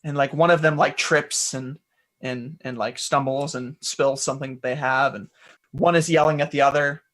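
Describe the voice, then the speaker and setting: A man describes a scene for his tabletop character in a relaxed, rambling way. He often restarts his phrases as he goes. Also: mid-range voice, normal speed. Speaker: player. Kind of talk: casual narration of his character's backstory.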